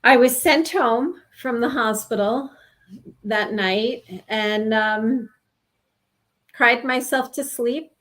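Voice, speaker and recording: In an interview, a New York woman in her sixties shares a personal experience as a guest. Her somewhat high voice has a fairly bright tone, and she talks earnestly and haltingly, frequently breaking off to restart sentences.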